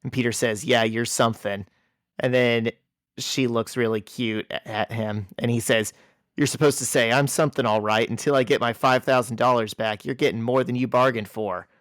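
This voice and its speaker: A man's voice: moderate pace, no echo. A man with a mid-range voice co-hosts a podcast and narrates a comic scene, acting out the dialogue as he reads. He sounds dry and close to the mic. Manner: animated storyteller, reads quoted lines in a lower voice. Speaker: podcast co-host. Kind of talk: casual podcast chat, reading comic dialogue aloud.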